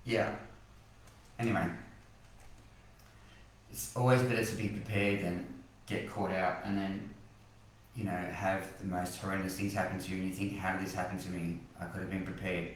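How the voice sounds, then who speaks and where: A man's voice: low voice, fairly even intonation, moderate pace, pauses often, very echoey, recorded from a distance, a little hiss or hum, low-quality recording. An Australian man hosting a live weather stream, passionately ranting about forecast models, then apologising. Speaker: weather page host.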